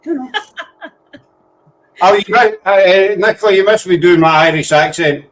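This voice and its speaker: A man's voice: high voice, normal speed, a bit bright, a little hiss or hum, rough recording. A man hosting a casual chat, rambling and easily sidetracked. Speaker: host.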